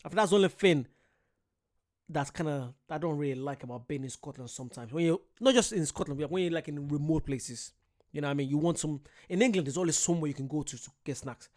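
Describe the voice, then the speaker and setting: A man hosting a reaction video, chatting casually and getting excitable, repeating words when he is worked up. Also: a little high, quick pace.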